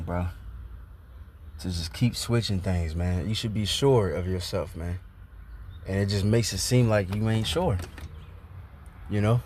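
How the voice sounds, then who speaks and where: A fairly low-voiced man speaking in a loose, profane commentary, reading scripture verses and then reacting with blunt frustration. His talk is scattered with "man" and "bro." A faint hum of vehicle noise sits behind him. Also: darkish tone. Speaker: religious commentator.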